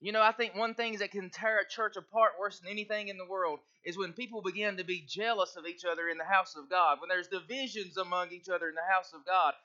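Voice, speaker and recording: A man's voice: high voice, steady tone, fast, few pauses, pushed and bright. A male pastor, preaching a folksy sermon and reading scripture aloud. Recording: muffled lo-fi recording.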